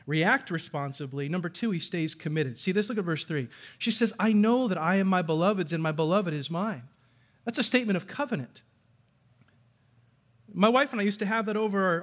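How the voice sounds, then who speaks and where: High-voiced animated male preacher. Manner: animated, asks the audience questions. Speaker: pastor. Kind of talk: sermon.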